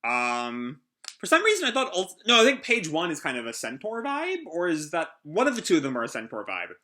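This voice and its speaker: A man's voice: a little high, wildly swooping pitch, brisk, pushed and bright. A man who hosts a casual comic reaction, talking in a rambling, hesitant way with many fillers. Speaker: host.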